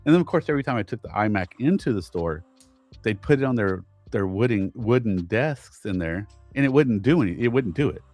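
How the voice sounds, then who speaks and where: A man co-hosting a podcast, telling a frustrating story in casual chat, animated and exasperated, often restarting his sentences. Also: fairly low pitch, a little fast, no echo, soft background music. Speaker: podcast co-host.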